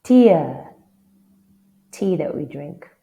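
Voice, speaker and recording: A woman's voice: sits low, measured pace, vocal fry, mellow, roomy sound. A South African woman with a South African English accent, teaching a casual online language lesson and often checking in with the viewer.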